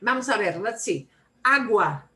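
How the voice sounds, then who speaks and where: Woman teaching Spanish pronunciation slowly. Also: medium pitch, lively intonation, sharp tone, rough recording. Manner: slow, clearly modeled pronunciation with repetition drills. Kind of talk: beginner language class.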